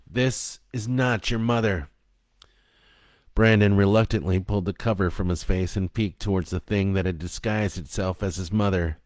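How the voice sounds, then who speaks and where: A man narrating a dark story in a slow, even, low-key reading voice. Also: no echo.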